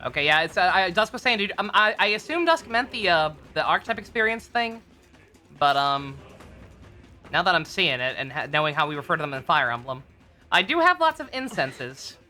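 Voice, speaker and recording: Casual game streamer, mid-pitched and bright, rambling commentary with swearing and laughter. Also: big pitch swings, fairly quick, soft background music. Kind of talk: casual let's play commentary.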